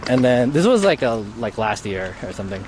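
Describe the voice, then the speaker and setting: A man's voice: medium pitch, sing-song, a little fast, a little mellow. Rambling cursing man streaming outdoors. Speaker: IRL streamer. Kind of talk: casual live-stream storytelling. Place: outdoors on a city street in light rain. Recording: street noise behind.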